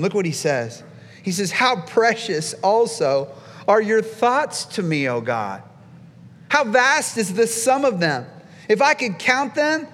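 A male pastor preaching a sermon with emphatic delivery, dropping low and soft, then rising to loud exclaims. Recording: long hall reverb.

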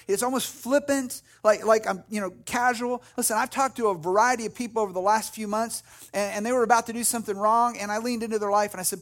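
A man's voice: high voice, moderate pace, a bit bright. A man preaching a sermon as a pastor, earnest, acting out prayers and little dialogues, often restarting phrases.

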